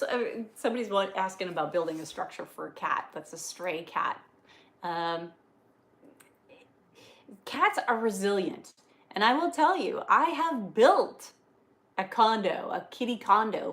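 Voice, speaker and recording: On a rainy day indoors at a farm, a woman from the Northeast US livestreams with a fairly bright, mid-range voice. She chats casually with viewers, often filling pauses and starting over.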